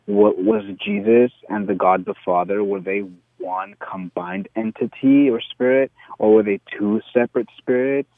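A low-voiced male caller asks his question haltingly, stopping on "um" and "uh" as he goes. His voice is gravelly and squeezed through a thin, tinny phone line. The sound is dry, with no room around it. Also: dry recording. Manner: hesitant, many fillers. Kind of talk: call-in question.

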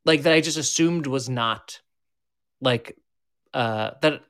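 Earnest man with halting speech. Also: mid-range voice, a bit bright, clean tone. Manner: earnest, halting, many restarts. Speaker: team member, paranormal investigator. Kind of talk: casual chat.

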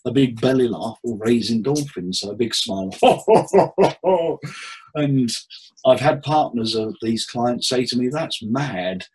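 A man, a therapist, giving tips in a relaxed interview with jokes and acted-out quotes. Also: medium pitch, normal speed, breathy edge, low-quality recording. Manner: jokey, anecdotal, acts out quotes. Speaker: therapist and hypnotherapist guest.

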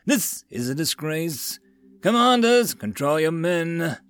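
A man's voice: a little high, animated, brisk, no room sound, voice pushed up. A man voicing a roaring furious general. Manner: roaring, shouting orders. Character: furious imperial male general, blustering.

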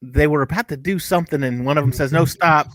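A man's voice: a little high, quick pace, dry recording. A man co-hosting a casual TV review podcast, talking in a rambling, chatty way with many asides. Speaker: podcast co-host reviewing TV episodes.

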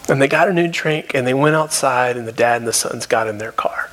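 A male pastor preaching a sermon, telling a story and dropping at times to a soft, hushed voice for emphasis. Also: medium pitch, brisk. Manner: storytelling, shifts between soft hushed tones and raised emphasis. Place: church.

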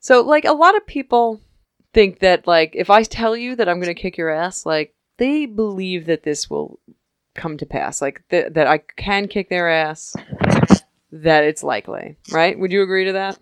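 A young woman co-hosting a podcast, chatting casually about a TV episode and acting out the characters in quick voices, laughing often. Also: on the low side, animated, clear, resonant tone, no echo. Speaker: podcast co-host recapping a TV episode. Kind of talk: casual chat.

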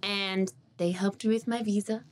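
Young australian woman, singer and teacher, chatty guest, lively storyteller. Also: mid-range voice, normal speed, heavy background noise. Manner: animated storyteller who acts out quoted voices. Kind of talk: casual interview chat.

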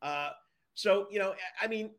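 A man's voice: high voice, normal speed, a bit bright. A man co-hosting a baseball podcast, chatting casually and moving the talk along. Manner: upbeat, steers the talk along. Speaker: podcast co-host. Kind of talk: casual sports chat.

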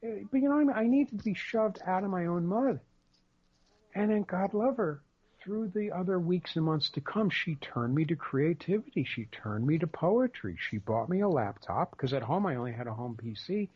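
A man's voice: high voice, expressive, moderate pace, slightly rough, muffled recording. A man co-hosting a casual podcast, speaking in an emphatic, rambling way with many repeated words. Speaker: podcast co-host.

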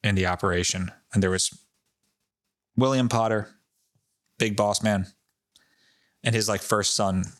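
Rhode island guy on a podcast, low voice, super dry close sound, cussing a lot while he tells a ghost story. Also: a little slow, long pauses, dry recording. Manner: profane, off-the-cuff and animated. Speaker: podcast co-host. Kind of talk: casual chat, storytelling.

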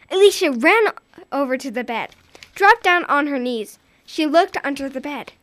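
Lively woman reading a children's story. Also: high voice, normal speed, dry recording.

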